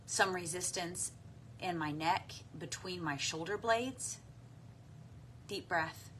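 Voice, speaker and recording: A woman guides a tapping meditation at a very slow, gentle pace. Her fairly low voice has a bright, clear edge, and a faint hum sits behind it. She pauses often for deep breaths and audible sighs. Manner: soft, unhurried, with frequent deep breaths and sighs.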